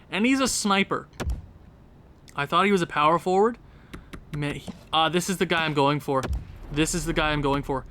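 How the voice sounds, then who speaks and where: A man's voice: on the high side, fairly bright tone, a little hiss or hum. A young Canadian man giving casual, rambling commentary on a game, talking to himself with jokey asides. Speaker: gaming video creator.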